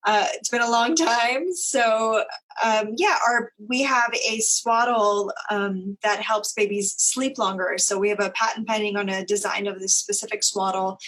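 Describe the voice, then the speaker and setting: A woman's voice: mid-range voice, steady tone, a little slow, fairly bright tone, poor audio. A woman in her thirties, a podcast guest, talking in an upbeat way and chiming in readily. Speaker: guest, business founder. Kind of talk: casual interview.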